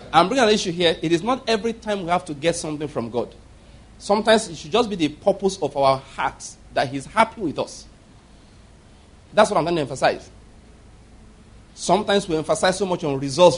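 A man preaching in a husky, somewhat high voice. He works through his sermon as a string of stories and drives each point home with emphasis and repetition. He slips into the voices of the people he quotes. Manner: emphatic storytelling preacher who acts out quoted speech. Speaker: pastor.

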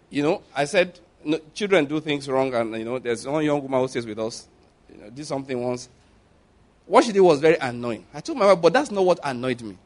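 A male preacher, animated and full of storytelling as he acts out scenes. His voice sits high for a man and leaps up and down. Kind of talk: sermon.

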